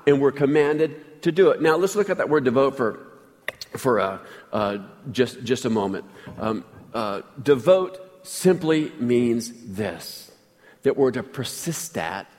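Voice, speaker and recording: A man's voice: medium pitch, long reverb tail. A man preaching a sermon as pastor, telling a personal story in a chatty way and asking the congregation questions.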